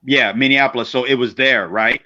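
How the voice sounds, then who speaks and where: A man swapping stories on a podcast, blunt and full of swearing. He acts out what others said in quick put-on voices. The sound is slightly dull and lo-fi. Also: medium pitch, sharp tone. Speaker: guest wrestler. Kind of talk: casual storytelling on a podcast.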